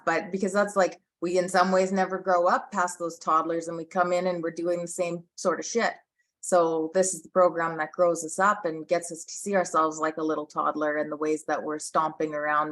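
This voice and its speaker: A woman's voice: fairly low pitch, little pitch movement, moderate pace, a bit bright. A woman in her thirties on a recovery podcast, talking in a loose, rambling way with lots of restarts and fillers. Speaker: podcast co-host.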